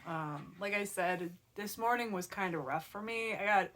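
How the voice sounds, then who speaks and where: A young woman from Minnesota talks casually to her camera in a vlog. Her voice sits in an ordinary middle pitch. She rambles, fills her sentences with "like" and sometimes drops to a mutter. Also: moderate pace, a bit bright. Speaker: vlogger.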